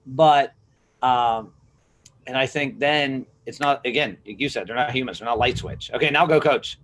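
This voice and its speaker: Unhurried and mid-range, this middle-aged American's voice comes through poor audio. He's a strength coach and gym manager guesting on a podcast, talking casually in interview style. As an animated storyteller, he raises his voice to act out quotes.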